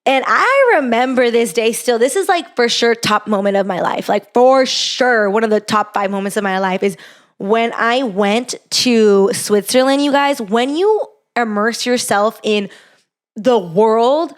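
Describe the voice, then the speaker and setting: A woman's voice: on the high side, animated, measured pace. A young woman hosts her own podcast and tells a personal story. Her talk is loose and chatty, peppered with fillers, and it turns sincere and heartfelt as she reflects. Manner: chatty, heartfelt, lots of "like" and "you know". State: gets emotional. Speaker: podcast host.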